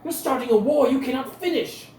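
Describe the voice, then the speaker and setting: A haughty male noble from a tabletop game, shrill and sputtering, his voice jumping high with indignation, as a man puts him on. He sounds proud and entitled. The room echoes faintly around him. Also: brisk, a little mellow, recorded from a distance, a little hiss or hum. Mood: outraged. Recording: roomy recording with faint ambience.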